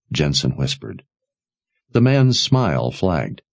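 A man narrating a story in a dramatic, expressive way. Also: a bass voice, measured pace, no echo. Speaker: audiobook narrator. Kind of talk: scripted narration.

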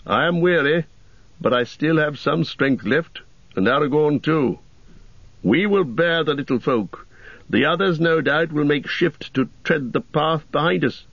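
A man's voice: on the high side, a little slow, husky, no room sound, dull audio, voice pushed up. A man voicing a proud, strong male warrior who speaks in a bold, commanding manner.

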